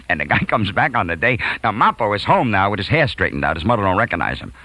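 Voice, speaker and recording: A man telling a comic school anecdote, chuckling and swinging from hushed to loud. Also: fairly low pitch, fast, few pauses, no room sound, poor audio. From New York. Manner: animated, chuckling, big swings from quiet to loud. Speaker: storyteller. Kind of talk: comic anecdote told to an audience.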